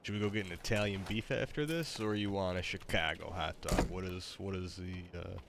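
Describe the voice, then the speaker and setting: A man's voice: low voice, normal speed, gravelly. A young man chatting casually while gaming, laid-back and joking. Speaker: gamer. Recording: noisy, with gunfire behind.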